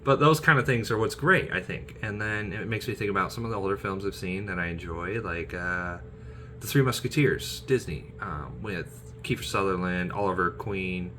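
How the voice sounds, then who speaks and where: A man's voice: deep voice, normal speed, pushed and bright, a little hiss or hum. A man chatting casually and animatedly about favorite film scenes, laughing often. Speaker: aspiring actor vlogger.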